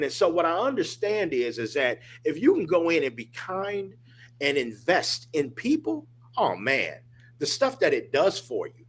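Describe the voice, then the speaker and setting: A man's voice: high-pitched, slightly rough. A man, a podcast guest, telling a personal story in a casual, emphatic way over a video call. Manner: emphatic, animated, addresses listener as dude and man.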